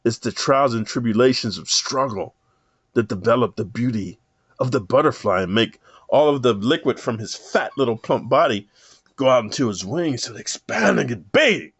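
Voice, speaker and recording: Man doing a calm wise old man. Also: medium pitch, moderate pace, husky, dry recording. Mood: lecturing. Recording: dull lo-fi dry sound.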